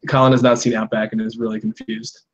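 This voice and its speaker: A man's voice: mid-range voice, sing-song, fast, creaky, over music. Rambling man hosting over a dull call line. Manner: rambling, full of ums and uhs, laughs a lot. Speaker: host of a live fan recap. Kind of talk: casual live-stream chat. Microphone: video call.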